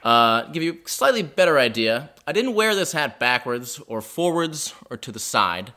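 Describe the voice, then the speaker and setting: A man's voice: medium pitch, big pitch swings, moderate pace, bright, forceful tone. A man telling a wry, self-deprecating personal story at a live house show in a living room.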